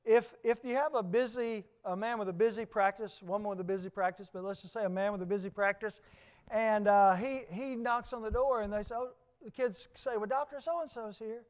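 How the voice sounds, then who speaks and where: A man preaching in a Southern US accent, his voice sitting notably high for a man. He drives his points home with repeated phrases and questions put to the congregation, in the steady rhythm of a sermon. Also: brisk.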